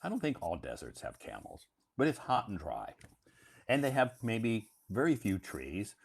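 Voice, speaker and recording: Deep-voiced man teaching English casually. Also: huge pitch swings, moderate pace, gravelly, slightly rough. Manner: repetitive, emphatic, teacherly explanations. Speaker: English teacher hosting a live stream. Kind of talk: casual live-stream chat.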